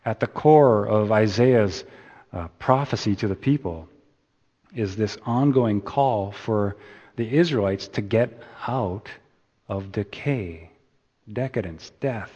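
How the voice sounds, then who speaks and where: A man preaching a sermon, slow and deliberate, building emphasis and then easing off at the ends of phrases. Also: medium pitch, darkish tone. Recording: dull sound in a reverberant hall.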